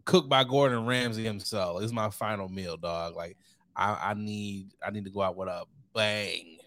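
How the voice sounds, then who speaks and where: A man co-hosting a podcast in casual chat, playful and jokey, with loud laughs. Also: lowish voice, normal speed. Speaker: podcast co-host.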